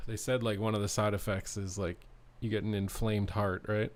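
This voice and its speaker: Lower-voiced young man calling plays. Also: level tone, normal speed, hardly any pauses. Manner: incredulous, reactive, slangy. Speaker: streamer. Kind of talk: live gameplay commentary.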